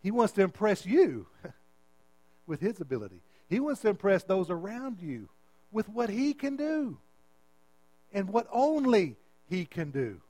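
High-voiced pastor pleading in a sermon. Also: male voice, big pitch swings, unhurried, pauses often, mellow. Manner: impassioned, pleading with listeners. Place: church sanctuary. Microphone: handheld microphone.

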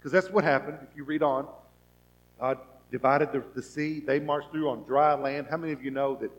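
A man preaching a sermon as pastor, asking the congregation rhetorical questions and acting out people's thoughts, swinging from soft to loud. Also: a little high, normal speed, muffled recording.

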